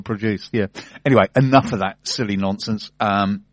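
A man's voice: on the low side, fairly quick, hardly any pauses, no echo. Dry-voiced male radio host. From South London. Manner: easygoing, laughs often. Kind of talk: radio show banter and interview.

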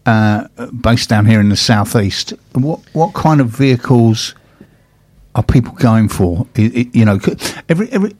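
A man's voice: medium pitch, animated, normal speed, a little mellow, dry recording. A man hosting a casual chat, telling rambling stories with restarts and laughs. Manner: chatty anecdotes, frequent restarts and laughs. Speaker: host.

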